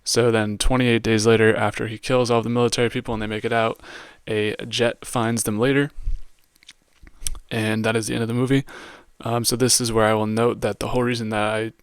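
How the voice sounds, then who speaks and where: A man talks through a movie review in a loose, slangy way, leaning on "like" constantly. His voice is smooth and fairly flat in pitch. The recording is dry, with no room sound. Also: brisk, no room sound. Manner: casual, heavy use of "like" and slang. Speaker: podcast host reviewing a film. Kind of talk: casual movie review monologue.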